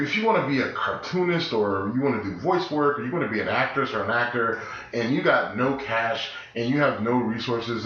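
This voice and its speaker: A man co-hosting a podcast in casual chat, sick with his voice deeper than usual, talking emphatically in rambling restarts. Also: a bit bright. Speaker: podcast co-host. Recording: echoey room, dull lo-fi sound, faint noise.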